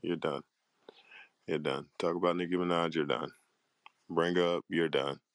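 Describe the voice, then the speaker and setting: Deep-voiced man on an angry profane rant. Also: steady tone, vocal fry, dry recording. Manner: profane, heated and exasperated, with a drawn-out tired delivery. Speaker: panel host.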